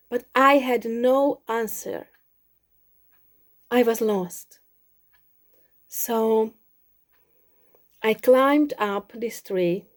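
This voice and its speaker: Woman voicing a sad lost young boy. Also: fairly high pitch.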